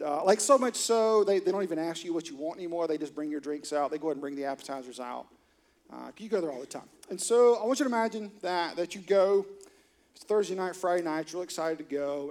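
A middle-aged pastor with a voice on the high side and a darkish tone gives a sermon in a church auditorium. He tells a story and jokes with the congregation.

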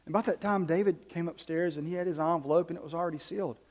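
A man's voice: a little high, steady tone, racing, darkish tone, big-room sound. A man, a pastor telling a family story in a sermon that builds into impassioned preaching.

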